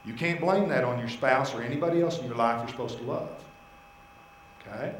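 Animated preacher man in an echoey church. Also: mid-range voice, a little fast, a little hiss or hum. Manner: animated storytelling, voicing God and his wife in asides. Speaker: pastor. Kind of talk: sermon.

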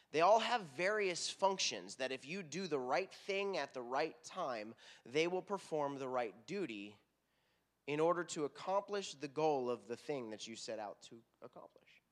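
Earnest Texan man preaching. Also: fairly high pitch. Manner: conversational, earnest, animated storytelling to a congregation. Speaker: worship pastor. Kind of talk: sermon.

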